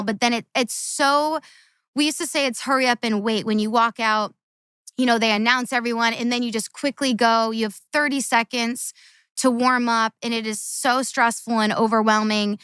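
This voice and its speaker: A woman in her thirties talks through her memories in casual conversation. Her voice sits a little high and comes across smooth and clear. The mic is dry and close, with no room sound. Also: steady tone, normal speed, fairly bright tone, no echo. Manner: earnest, tumbling storytelling with repeated phrases. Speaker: guest, former Olympic gymnast. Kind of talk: casual chat.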